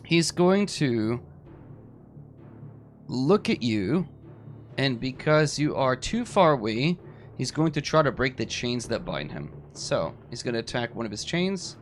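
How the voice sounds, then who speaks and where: A man running a tabletop game, walking the players through rules and the story in a relaxed, casual way. His pitch rises and falls a lot as he talks, and soft music plays underneath. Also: measured pace. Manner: casual, explanatory, animated. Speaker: game master.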